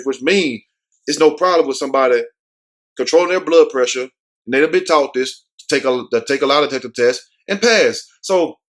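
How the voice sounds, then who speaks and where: Animated slangy man hosting a commentary vlog. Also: fairly high pitch. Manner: animated, slangy, acts out quotes in put-on voices. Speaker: host.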